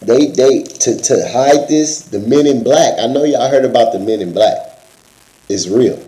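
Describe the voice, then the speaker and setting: A man's voice: mid-range voice, a little slow, mellow, reverberant, rough recording. A man co-hosting in casual chat, slangy and joking, talking straight to viewers. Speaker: co-host.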